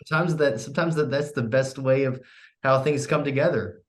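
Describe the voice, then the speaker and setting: A man's voice: mid-range voice, a little fast. A young man hosting a student radio interview, often stammering and restarting with lots of "you know". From United States. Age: young adult. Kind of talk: casual interview.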